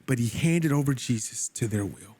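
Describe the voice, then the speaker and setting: A man's voice: expressive, moderate pace, warm tone, slightly rough. A man leading a Bible study, reading scripture and commenting on it in an emphatic, preacherly way, with casual asides to his listeners. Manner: emphatic, preacherly, pitch climbing on stressed words.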